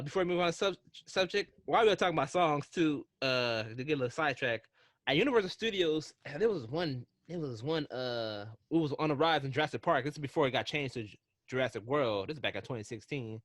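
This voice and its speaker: A man co-hosting a casual podcast, telling excitable, rambling stories with frequent restarts. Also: a little high, a little fast, no echo, clean studio sound. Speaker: podcast co-host.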